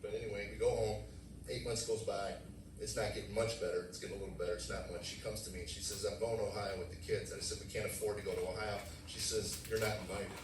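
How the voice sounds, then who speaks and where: A man in his forties giving a testimony sermon, animated storytelling that acts out dialogue and bursts out loudly. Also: fairly low pitch, fast, noisy background. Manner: animated storytelling, acting out dialogue with sudden loud outbursts. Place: church sanctuary. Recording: echoey room, mic at a distance.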